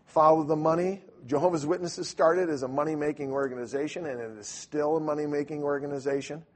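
A man teaching in a sermon style, telling a lively story and acting out voices, with loud bursts. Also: fairly high pitch, quick pace. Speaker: preacher.

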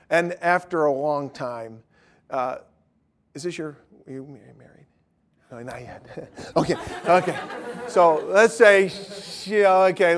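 A male pastor preaching a sermon with great passion, swinging from loud urgent declarations to quiet joking asides. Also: fairly high pitch.

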